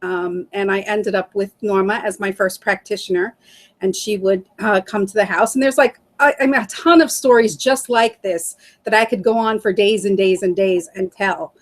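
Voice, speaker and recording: In a mid-range voice at an ordinary pace, a middle-aged woman relates her story during an interview. Animated and often laughing, she voices what others said to her.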